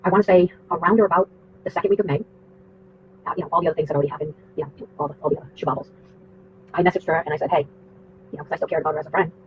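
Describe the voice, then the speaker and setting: A woman's voice: deep voice, fairly even intonation, racing, long pauses. A woman livestreaming, telling a long story in a rambling, profane, indignant way. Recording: tinny phone-like audio with faint noise.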